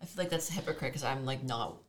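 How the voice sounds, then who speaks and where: A young woman from Canada with a notably low voice chats casually, starting and restarting her thoughts with lots of "like". A faint hiss sits under the recording. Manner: hesitant, halting phrasing with many "like"s. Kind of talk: casual chat.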